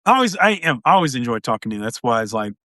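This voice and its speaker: A middle-aged man speaks on a live video call in an earnest, rambling way and keeps dropping in "you know". His voice sits at a typical pitch. The sound is dry and close. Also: very animated, rapid-fire, bright, forceful tone, no room sound. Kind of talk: casual conversation on a live stream.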